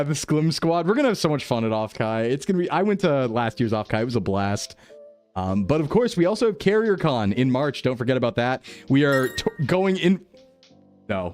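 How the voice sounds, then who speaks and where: A man chatting casually on a live stream, excitable and gushing with thanks, often breaking into laughter. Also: medium pitch.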